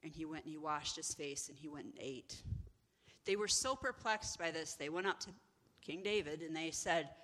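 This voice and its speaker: A woman giving an inspirational teaching talk, animated and acting out the people in her stories. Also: sits low, normal speed, long reverb tail. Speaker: ministry executive director.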